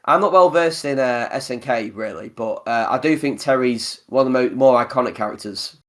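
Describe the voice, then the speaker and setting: A man hosts a casual gaming chat, talking in long, winding stretches. His voice sits at an ordinary middle pitch. His delivery is animated and loose. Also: fairly quick. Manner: rambling, animated, laughs often. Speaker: podcast host.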